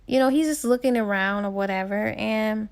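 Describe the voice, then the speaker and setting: A woman's voice: medium pitch, normal speed, clean tone. A woman casually retelling a novel's plot for a book review, chatty and full of "he was like" and "or whatever.". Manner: chatty, filler-heavy with "he was like".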